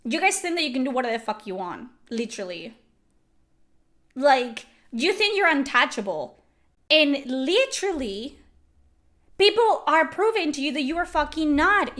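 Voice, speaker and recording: A young woman ranting furiously and profanely to camera, yelling at her critics. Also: high voice, lively intonation, measured pace. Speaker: YouTuber. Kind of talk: angry rant to camera.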